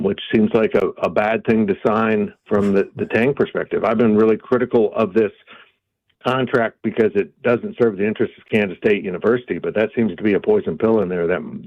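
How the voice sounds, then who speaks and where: A man joining a sports radio show as a guest reporter, answering in a measured way with many pauses. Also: fairly low pitch, dry recording, highs cut off. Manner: measured, many ums and uhs. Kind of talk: radio phone interview.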